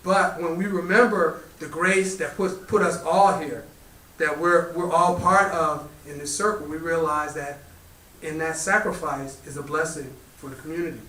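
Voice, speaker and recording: A man, a community spiritual teacher, telling a parable to a live gathering in a relaxed storytelling way. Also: fairly high pitch. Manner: relaxed storytelling, lively quoted animal voices. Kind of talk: storytelling talk to a live audience. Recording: roomy echo, voice from far off the mic.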